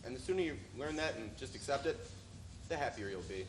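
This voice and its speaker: A man's voice: mid-range voice, animated, brisk, close to an everyday voice. A man playing a sardonic marriage cynic. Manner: sardonic, lecturing. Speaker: actor in a student stage play. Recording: echoey, noisy stage recording.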